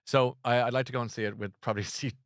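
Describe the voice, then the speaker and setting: A man's voice: mid-range voice, fairly even intonation, rapid-fire, no room sound, clean studio sound. A man hosting a casual chat show, rambling and self-deprecating with lots of restarts. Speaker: host.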